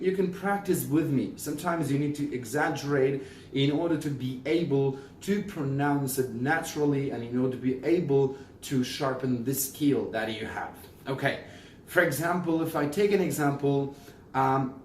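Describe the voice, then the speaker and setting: A man's voice: a little high, slight background noise. Man teaching pronunciation in a roomy echo. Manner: explains slowly with examples, repeats words. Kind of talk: casual video lesson. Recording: roomy echo, mic at a distance.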